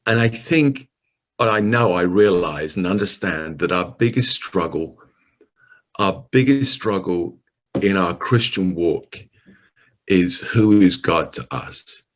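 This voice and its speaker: A man's voice: deep voice, slow. A middle-aged man preaching over a video call, telling a story and often restarting his sentences.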